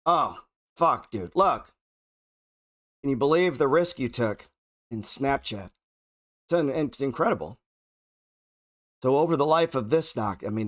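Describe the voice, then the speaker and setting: A man talks his way through market charts in a loose, off-the-cuff way. He is heavily sarcastic and profane, thinking aloud as he goes. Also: mid-range voice. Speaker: trading show host. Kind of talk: casual market commentary while scrolling charts.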